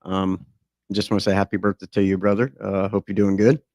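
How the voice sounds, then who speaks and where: A man's voice: deep voice, level tone, fairly quick, a little mellow, no room sound. A middle-aged man hosting a podcast in loose, profane, joking chat full of fillers. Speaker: podcast host. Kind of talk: casual, crude chat.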